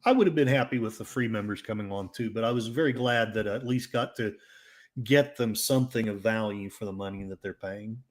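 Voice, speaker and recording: A man's voice: on the low side, fairly quick. Okie twang guy rambling thru his livestream chat, jokey, pokes fun at himself. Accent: Oklahoma. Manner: rambling, jokey and self-mocking. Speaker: livestream host. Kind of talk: casual livestream chat, reading comments.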